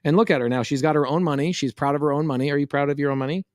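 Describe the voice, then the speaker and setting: A man, telling a lively story on a podcast and acting out the voices. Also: a little high, rapid-fire, no echo. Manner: animated, quotes voices in a story. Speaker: podcast co-host. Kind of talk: casual storytelling chat.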